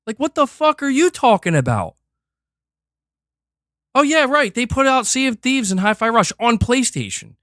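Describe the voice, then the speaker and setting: A man's voice: extremely high pitch, very animated, normal speed, pauses often, pushed and bright, no room sound. Male streamer, exasperated profane ranter, dry close sound. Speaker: streamer host. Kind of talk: ranting stream commentary.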